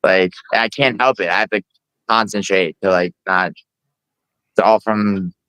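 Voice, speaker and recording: A man's voice: sits low, steady tone, unhurried, a bit bright, clear, resonant tone, dry recording, rough recording. A nasal-voiced American man whose Bronx accent is covered up, rambling in casual chat with lots of fillers and swearing. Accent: American with a hidden Bronx accent. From Sicily, raised in the Bronx.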